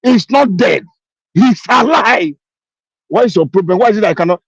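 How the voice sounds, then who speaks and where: A woman's voice: mid-range voice, expressive, moderate pace, husky, dry recording, muffled recording. A woman, speaking emphatically in a live audio chat, repeating herself and pleading. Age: 50s. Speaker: caller on an audio space.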